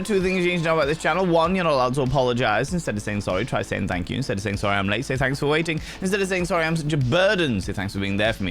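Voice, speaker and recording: A man hosting a livestream, chatting to viewers in a playful, effusive way, with sudden jumps in pitch and some swearing. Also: fairly bright tone. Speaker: livestream host. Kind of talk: casual chat reading viewer messages. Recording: faint music behind.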